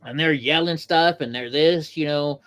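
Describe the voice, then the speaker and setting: A man's voice: on the high side, normal speed, fairly bright tone. A man hosting a livestream show, giving heated, rambling political commentary, repeating himself and answering viewers in the chat. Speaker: host.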